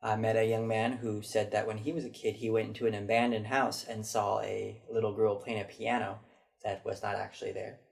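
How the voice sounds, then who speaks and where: In a chatty, reflective vlog, a man recounts how people answered a question, imitating each as he tells it. His lowish voice is flat and a little fast, with vocal fry, in a casual storytelling monologue.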